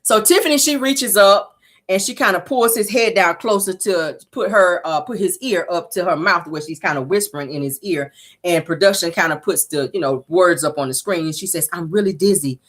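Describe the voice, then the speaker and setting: Woman, sassy, blunt, casual recap host, swears freely, pitch jumps way up when she acts out quotes. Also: moderate pace, a bit bright.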